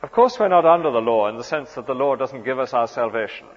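An earnest male preacher delivers a sermon with emphatic phrasing and rhetorical questions. His voice sits in a middle pitch range. The recording is dull and carries the long reverb of a large hall. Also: animated, quick pace.

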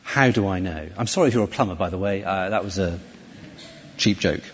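A man preaching a sermon in a church, conversational and animated, often restarting his phrases. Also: low voice, fairly quick, slight background noise. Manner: lively, conversational preaching with self-corrections. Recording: dull, echoey church hall recording.

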